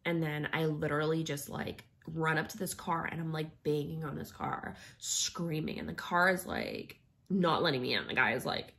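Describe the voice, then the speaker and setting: A young woman tells a personal story, rambling loosely and leaning on filler words at every turn. Her voice sits low and carries a gravelly fry. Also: animated, normal speed, a bit bright. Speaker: vlogger.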